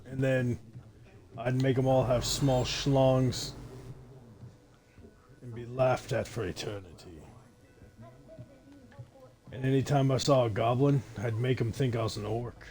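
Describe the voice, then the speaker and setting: A man's voice: medium pitch, fairly even intonation, slow pace, long pauses, a little mellow. A man streaming a video game from his console, talking casually with a brash, profane, joking manner. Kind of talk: casual live-stream commentary.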